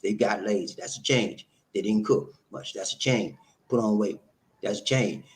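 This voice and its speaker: A middle-aged man hosting a live stream, giving relationship advice in a loose, animated, repetitive way and laughing often. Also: lowish voice, normal speed. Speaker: host answering viewer comments.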